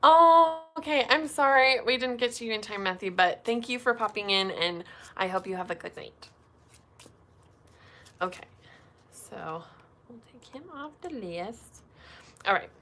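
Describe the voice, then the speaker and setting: A woman's voice: mid-range voice, normal speed, pauses often, bright, forceful tone, a little hiss or hum. A young woman reading tarot cards on a casual livestream, chatty and full of "um" and "like". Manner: chatty, lots of fillers like 'um' and 'like'. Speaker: tarot reader doing live card pulls.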